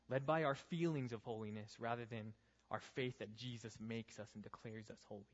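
A man's voice: mid-range voice, steady tone, fairly quick. Earnest young male youth pastor preaching. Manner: earnest, rising to pleading rhetorical questions. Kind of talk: youth group sermon. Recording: dull, reverberant hall sound.

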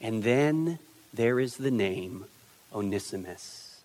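Speaking at a moderate pace in a large hall, this pastor's voice sits on the high side. His sermon is conversational and animated, full of quotes performed in changing voices, with frequent restarts and repeated words.

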